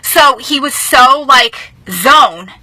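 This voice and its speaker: Woman, vlogger, high bright voice, dry close sound, excited and emotional, car. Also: dry recording, rough recording. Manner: excited, emotional, talks fast in bursts. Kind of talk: casual vlog storytelling. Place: inside a car.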